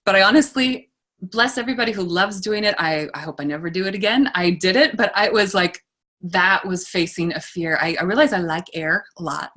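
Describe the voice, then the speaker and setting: Lively, laughing woman author. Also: fairly low pitch, brisk. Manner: animated storyteller, laughs often. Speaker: guest author and poet. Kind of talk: conversational interview answers.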